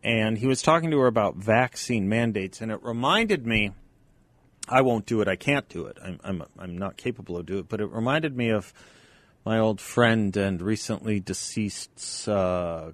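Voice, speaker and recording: A man's voice: lowish voice, normal speed, dry recording. A man hosting a talk radio show, talking in a conversational, wry and emphatic way into a studio microphone. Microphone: studio microphone, dry.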